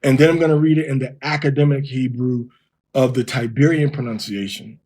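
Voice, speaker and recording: A man giving an informal lesson, explaining step by step and sounding words out slowly. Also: medium pitch, steady tone, darkish tone. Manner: explains step by step, reads verses aloud slowly. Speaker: Hebrew teacher.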